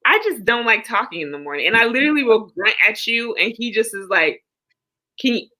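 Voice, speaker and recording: Bright, lively woman chatting on a stream. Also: on the high side, fast talker. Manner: animated storytelling, laughs often, reads out chat comments. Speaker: livestream co-host. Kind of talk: casual chat.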